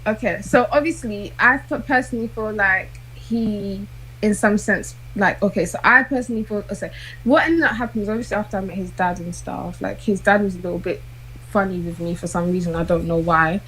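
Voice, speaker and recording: A woman's voice: mid-range voice, brisk, fairly bright tone, husky, poor audio. A young woman telling a personal dating story in casual chat, hesitant and full of fillers. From South London. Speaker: guest.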